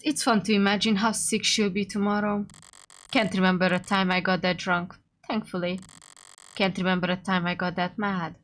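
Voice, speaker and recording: A woman voicing a weary lawyer who narrates inner thoughts in a quiet, dry tone. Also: mid-range voice, natural voice.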